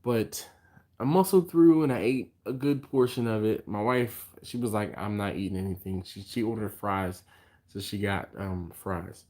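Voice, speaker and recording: A fairly low-voiced man hosting a casual live stream, tired and yawning between thoughts. He rambles on in a loose, chatty way and stops to answer viewer comments. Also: a little slow, warm tone. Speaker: barbecue channel host.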